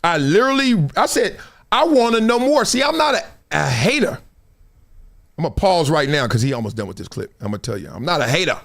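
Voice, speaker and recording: High-pitched guy riffing to camera, bouncy lively voice, acts out the people in his stories, soft music behind. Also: fast, gravelly. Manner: animated storytelling, acts out quoted voices. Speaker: show host. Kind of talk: casual commentary to camera.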